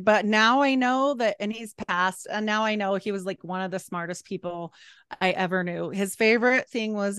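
A woman's voice: mid-range voice, clear, resonant tone, no room sound, clean studio sound. A woman hosting a podcast, chatting casually in an earnest, encouraging way. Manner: earnest, encouraging, laughs often. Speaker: podcast host. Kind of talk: casual chat.

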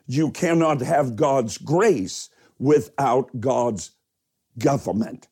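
Slow, mellow-voiced male pastor preaching. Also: medium pitch, breathy edge. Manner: emphatic preaching, stretching key words slowly; greets online viewers by name. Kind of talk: livestreamed sermon.

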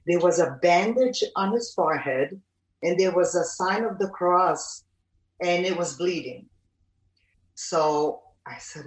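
A middle-aged woman telling a personal pilgrimage story as testimony, halting with many fillers and restarts. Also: lowish voice, distant mic. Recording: roomy, from off the mic.

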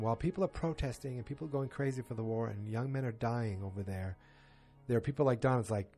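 Mellow-voiced man rambling through a recap. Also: mid-range voice, soft background music. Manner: rambling, halting retelling. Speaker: TV episode recapper. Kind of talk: casual spoken episode recap.

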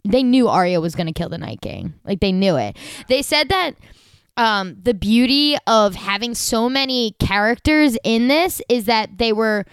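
A young woman on a podcast, casually and excitedly recapping a TV episode with a co-host, with lots of filler words. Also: a little high, moderate pace, smooth, no room sound. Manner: gushing, animated, lots of "like" fillers.

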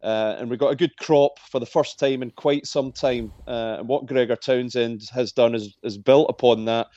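A man with a Scottish accent, a journalist guest in a radio interview, talking in a measured way with many "uh" fillers. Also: medium pitch, steady tone, mellow, no room sound, highs cut off. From Scotland.

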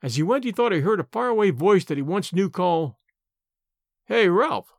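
A man reading a classic short story aloud, expressive and varied. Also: high-pitched, brisk, dry recording, clean studio sound.

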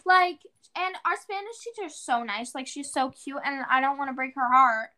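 High, bright-voiced teenage girl rambling. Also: moderate pace. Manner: rambling storytelling with many "like"s; acts out her own past exclamations. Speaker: podcast co-host. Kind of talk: casual chat.

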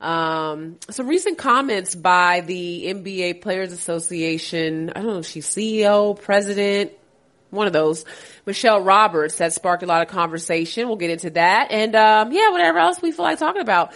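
A woman's voice: fairly low pitch, moderate pace, fairly bright tone. A woman hosting a casual sports podcast, her voice nasal and congested from a cold, chatty and teasing. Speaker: podcast host.

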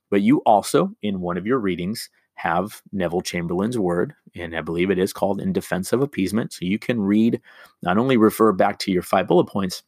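Deep-voiced male teacher explaining an assignment. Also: no echo, clean studio sound. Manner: explains step by step, many fillers and restarts. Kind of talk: recorded remote lesson.

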